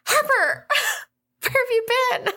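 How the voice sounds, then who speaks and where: A woman voicing a frantic, shrill young adventurer woman. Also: very animated, slow pace, exaggerated voice. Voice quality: shrill, exasperated yelling.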